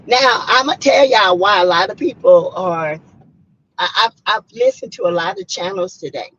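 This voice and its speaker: A hoarse woman, chatting casually and emphatically on a livestream and greeting viewers by name. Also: medium pitch, lively intonation, normal speed, fairly bright tone. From South Carolina. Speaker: livestream host. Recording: muffled lo-fi audio.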